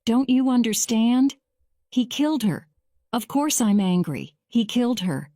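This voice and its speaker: A woman voicing a young man being questioned in court, speaking in a slow, measured storybook reading. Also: on the high side, mellow, no room sound, clean studio sound, lightly acted. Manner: measured, slow graded-reader delivery.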